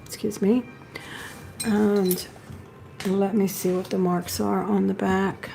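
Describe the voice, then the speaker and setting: A woman's voice: medium pitch, little pitch movement, slow pace, gravelly, dark tone, slight background noise. A woman hosting a live jewelry sale, chatting and admiring each piece as she shows it. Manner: chatty, admiring, talks while handling pieces. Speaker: live-stream jewelry seller.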